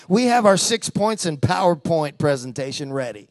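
An animated male preacher tells a story in a chatty, conversational way and keeps drawing the crowd in with questions. His voice sits high for a man. The recording is dry and close, with no room echo. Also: moderate pace. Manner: animated, conversational, lots of call-and-response. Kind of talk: storytelling sermon.

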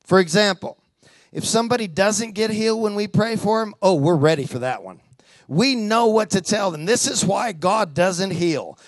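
A man's voice: high voice, lively intonation, moderate pace, no echo. A man preaching a sermon in a conversational storytelling way, drawing the congregation in with questions and call-and-response.

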